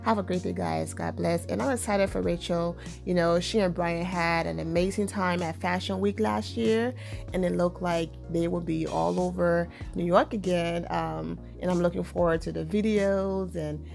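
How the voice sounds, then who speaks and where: A woman's voice: on the low side, normal speed, creaky, darkish tone, soft background music. A woman hosting an entertainment news vlog, reading celebrity news and then chatting casually with upbeat sign-offs.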